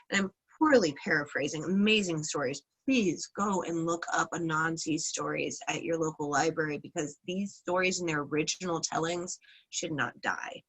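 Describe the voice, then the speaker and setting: A woman's voice: on the low side, a bit bright, low-quality recording. A woman teaching a casual class, retelling a folk tale in a chatty, playful way with frequent hedges. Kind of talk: casual lesson with folk storytelling.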